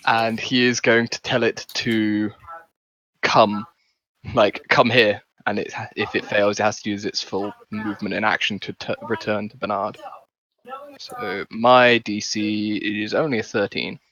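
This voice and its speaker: A man playing a character in a tabletop game, animated and laughing as he describes his moves. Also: fairly low pitch, a little slow, dull audio. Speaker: player. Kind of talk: tabletop game play over voice chat.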